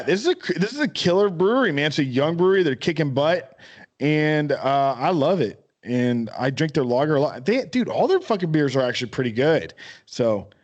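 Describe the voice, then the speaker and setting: A man's voice: on the high side, big pitch swings, moderate pace. A man co-hosting a podcast, rambling enthusiastically in casual chat and swearing freely. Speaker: podcast co-host.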